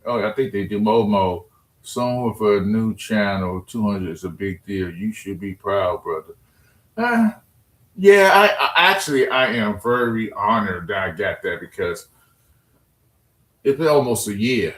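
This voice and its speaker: A man's voice: lowish voice, animated, measured pace, a bit bright. Joking man live-streaming in an echoey room. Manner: loose, joking, trash-talking with chat. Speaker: live streamer reading chat. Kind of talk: casual live-stream chat. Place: home room at his computer.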